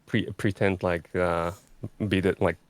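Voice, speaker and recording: A man's voice: sits low, level tone, measured pace, clear, resonant tone, no room sound. A man from the Netherlands chatting casually as a guest, hesitant and stammering, with laughs. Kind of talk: casual chat.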